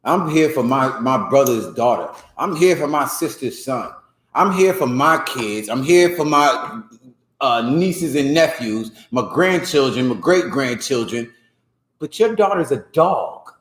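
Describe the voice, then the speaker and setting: A man leading a scripture class in an offhand, chatty way, his pitch swinging widely as he jokes and breaks into mock voices. His voice sits at a middle pitch, and the sound carries a roomy echo. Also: a little slow. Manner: animated, laughing, mock voices. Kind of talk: casual teaching commentary.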